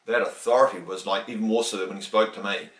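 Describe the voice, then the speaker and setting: A middle-aged man from New Zealand in a casual interview, telling a story and acting out the quoted voices with lively emphasis. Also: fairly low pitch, fast talker. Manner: animated, acts out quoted dialogue, many restarts. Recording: roomy, distant from the mic.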